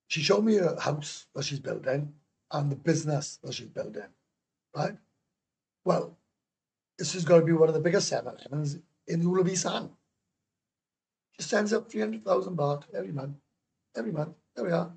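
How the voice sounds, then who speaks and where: A man's voice: fairly high pitch, expressive, normal speed, vocal fry, pauses often, darkish tone, husky. A middle-aged Welsh man hosting a casual livestream, rambling bluntly, swearing and answering viewers' comments. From Wales. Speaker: livestream host. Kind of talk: casual live-stream rant.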